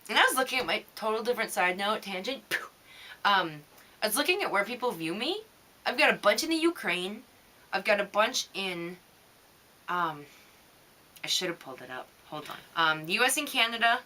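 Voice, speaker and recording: A young woman with a bright, clear voice talks straight to her camera at home. She rambles from one thing to the next with lots of fillers and easy laughter, hosting her own knitting vlog. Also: mid-range voice. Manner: chatty, rambling, frequent "um"s and laughs. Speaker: knitting vidcast host. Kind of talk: rambling casual vlog chat.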